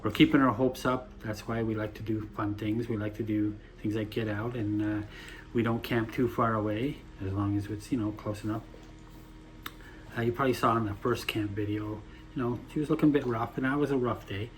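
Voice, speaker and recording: A man vlogging casually from a campground, rambling with lots of pauses and restarts. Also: on the low side, fairly even intonation. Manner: rambling, frequent uhs and restarts. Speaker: camping vlogger. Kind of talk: casual vlog talk. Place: campground, outdoors.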